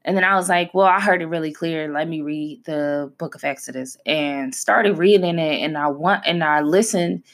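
A woman's voice: deep voice, normal speed, hardly any pauses. Candid, heartfelt woman podcast host. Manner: conversational and heartfelt, with emphatic repetition. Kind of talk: candid personal talk.

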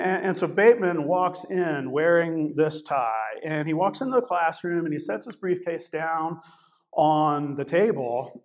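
A man giving a sermon as a guest preacher, telling a personal story in a conversational way with many fillers and restarts. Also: a little high. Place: church service, also streamed online.

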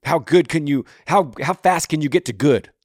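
A man's voice: a little high, moderate pace, darkish tone, no echo, studio quality. Earnest man with a blunt, rhythmic delivery. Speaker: podcast host. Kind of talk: answering a listener's question on grief. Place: home room.

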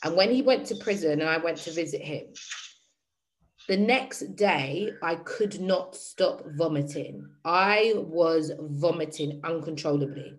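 A woman's voice: sits low, unhurried, rough recording. A woman hosting a group session, speaking candidly and addressing the group directly in casual talk. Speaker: workshop host.

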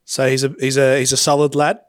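A man's voice: mid-range voice, monotone, fast, clear, resonant tone, no room sound, studio quality. A man co-hosting a casual podcast, teasing and joking with his co-host.

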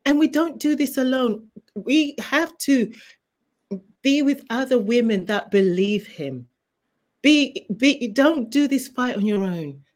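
Appearing as a guest author in an interview, a woman gives a fervent testimony of her faith, speaking like a preacher and repeating key phrases for emphasis. Her voice is fairly high, expressive and slow.

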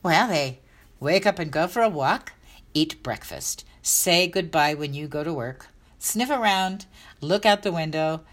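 Chatty upbeat middle-aged woman, a bit low. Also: lively intonation, unhurried. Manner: chatty, upbeat, rambling with restarts. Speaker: dog health coach. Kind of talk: casual vlog talk.

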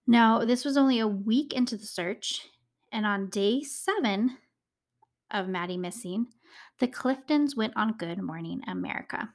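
A woman's voice: on the high side, unhurried. A young woman hosting a true crime podcast, telling the case in a chatty, casual way with emotional asides and many "like"s. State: choked up, tearing. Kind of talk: casual storytelling.

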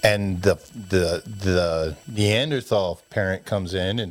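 A man with a fairly low voice tells loose, rambling stories about growing up. He slips into his parents' voices as he acts out scenes, laughing along the way. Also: takes it slowly. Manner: animated storyteller who acts out parents' voices. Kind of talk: casual storytelling chat.

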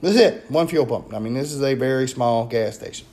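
A man with a Louisiana accent tells a story in a loose, animated way. He fills his talk with "um" and "you know." His voice sits at an ordinary middle pitch. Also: fairly quick. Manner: chatty and animated, many fillers. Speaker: paranormal investigator. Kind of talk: casual storytelling.

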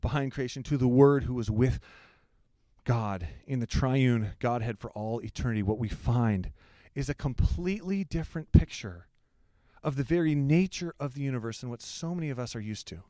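A man's voice: mid-range voice, animated, normal speed, dark tone, no echo, studio quality. A male pastor delivers a sermon in a conversational, earnest way, with humorous asides.

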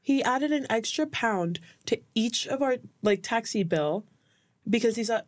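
A young woman in her twenties, co-hosting a casual chat and telling a funny story, talking fast with lots of "like" and laughing often. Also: on the high side, animated. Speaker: podcast co-host.

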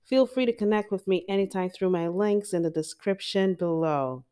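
A woman's voice: mid-range voice, moderate pace, mellow, smooth. A Jamaican woman hosting a motivational podcast, talking straight to her listeners in an emphatic, encouraging way. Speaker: podcast host.

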